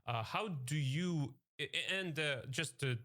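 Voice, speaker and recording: A man's voice: a little high, unhurried, bright, forceful tone. A man hosting a podcast, asking questions hesitantly with many fillers and tag "yeah"s. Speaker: podcast host. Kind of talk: casual podcast interview.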